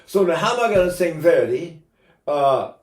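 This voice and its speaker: A man's voice: fairly high pitch, big pitch swings, normal speed, a little mellow. A man in his eighties giving an informal singing lesson as a voice teacher, talking in a chatty way with joking asides. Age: 80s. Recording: roomy echo.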